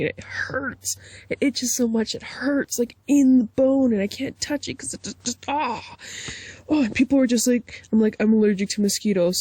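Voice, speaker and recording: A woman vlogger ranting casually to camera, animated and profane, with frequent laughing asides. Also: fairly high pitch, no echo.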